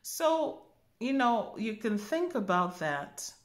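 A woman spiritual teacher giving a calm demonstration, musing aloud and humming softly as she thinks. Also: on the high side. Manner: slow, musing, thinks aloud with soft hums.

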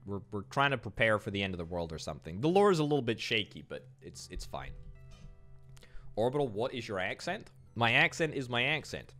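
A man's voice: on the low side, sing-song, fairly bright tone, faint music behind. A man with a Scottish accent, streaming a game and joking back at viewer chat in a casual way. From Scotland. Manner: chatty, answering viewer chat with quick joking replies. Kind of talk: casual livestream chat while gaming.

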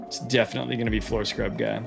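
A man's voice: lowish voice, little pitch movement, fast, creaky, over music. A man casually commenting while playing a video game, joking and talking back to the characters. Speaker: game streamer. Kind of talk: let's play commentary.

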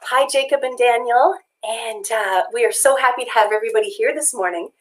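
A woman's voice: fairly high pitch, fairly quick, low-quality recording. A woman co-hosting a children's show, cheerfully greeting viewers by name. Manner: bright, friendly, reads out names.

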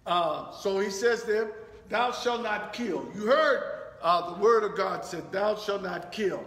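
Slow high-voiced preacher in an echoey hall. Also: male voice, fairly bright tone. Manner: teaching verse by verse, many fillers, says "thank you, Lord". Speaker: pastor. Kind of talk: sermon. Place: church sanctuary.

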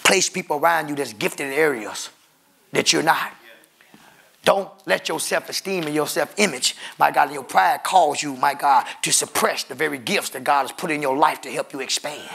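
A man preaches with emphatic fire, calling out to the church. His voice sits high and bright, with a husky, gravelly grain running through it. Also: moderate pace. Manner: emphatic preaching, calls out to the congregation. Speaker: pastor. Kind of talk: sermon.

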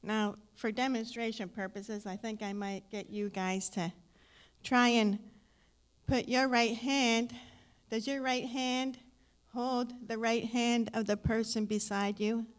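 Woman, church testimony, slow, higher voice, tearful, hesitant. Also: fairly even intonation. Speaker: guest speaker sharing a testimony.

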